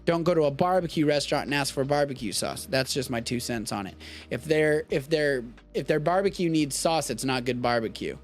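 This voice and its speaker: A young Texan man with a slightly high, expressive voice hosts a live-streamed show at a brisk pace over soft background music. He chats casually and riffs with profanity.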